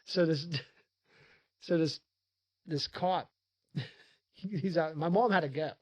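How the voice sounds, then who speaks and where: A man's voice: a little high, slow, a little mellow, no echo. Laughing, rambling man telling a story. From rural area. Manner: rambling, laughs a lot, swears freely. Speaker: podcast host. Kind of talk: casual storytelling chat.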